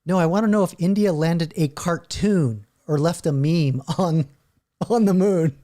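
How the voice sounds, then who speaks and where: Mellow middle-aged guy reacting to stuff, laughs a lot, reads chatbot answers out loud. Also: fairly high pitch, measured pace. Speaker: channel host. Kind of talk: casual reaction commentary.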